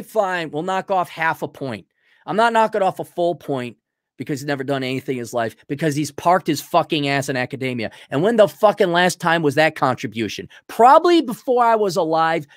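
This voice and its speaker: A man hosting a show, answering viewer questions in a heated, profane rant full of halting restarts. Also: on the high side, dry recording, clean studio sound. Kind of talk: ranting commentary.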